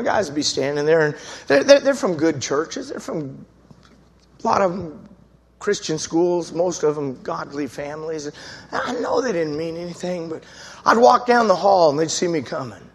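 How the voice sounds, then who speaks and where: A man preaching, telling his testimony as a lively story, acting out the voices of the people in it. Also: fairly high pitch, big-room sound. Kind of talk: storytelling sermon.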